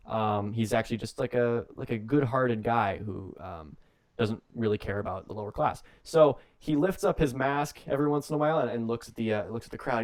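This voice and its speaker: A young man co-hosts a wrestling podcast on a radio show and tells a long comic story. He rambles and jokes, stacking fillers and restarts as he goes. His voice sits at an ordinary middle pitch for a man. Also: a little mellow. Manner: rambling, jokey, acts out bits in quick put-on voices. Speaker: podcast co-host.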